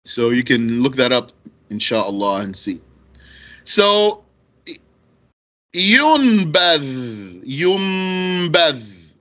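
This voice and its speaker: Slow, bright-voiced male grammar teacher. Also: mid-range voice, very animated. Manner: slow, deliberate, repeats terms and asks rhetorical questions. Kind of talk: explaining grammar on a recorded lesson.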